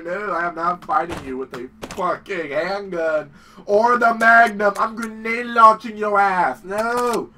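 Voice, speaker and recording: Young gamer guy rambling and swearing, high lively voice, off mic with background noise. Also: a little slow, far from the mic. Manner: excitable, profane, rambling. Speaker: gaming channel host. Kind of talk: let's play commentary.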